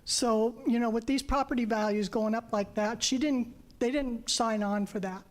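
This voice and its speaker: A woman's voice: on the high side, steady tone, normal speed. Emotional woman asking at a town hall. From North Dakota. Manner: emotional, pleading, close to tears. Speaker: audience member asking a question.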